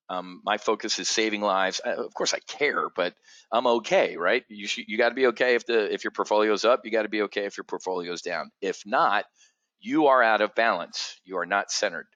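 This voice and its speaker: An animated middle-aged man holds forth in a casual monologue. His voice is forceful and bright, with a lowish pitch. The sound is dry and close. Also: no echo, lo-fi sound. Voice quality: animated, swears freely, acts out others' voices in high pitch. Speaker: trading community host.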